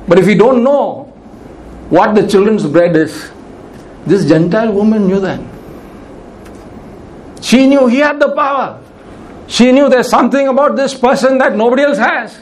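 A man's voice: high-pitched, lively intonation, a little slow, pauses often, a little mellow, a little hiss or hum. A male preacher giving a sermon in an earnest, pleading manner, repeating key phrases for emphasis.

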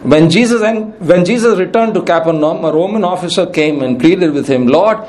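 A man's voice: sits high, brisk, darkish tone. A male preacher giving a sermon in an earnest, pleading manner, repeating key phrases for emphasis.

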